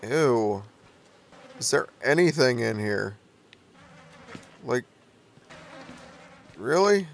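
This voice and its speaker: A man's voice: mid-range voice, animated, extremely slow, gravelly, pauses often, a little hiss or hum. A young man playing a horror game and commenting on it, nervous and jumpy, laughing off the scares. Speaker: let's play gamer.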